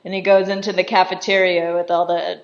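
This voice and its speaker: Low gravelly woman recapping a film. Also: level tone, brisk. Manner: chatty, says "like" constantly, laughs often. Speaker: film commentator. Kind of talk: casual film recap commentary. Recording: dull lo-fi voice recording.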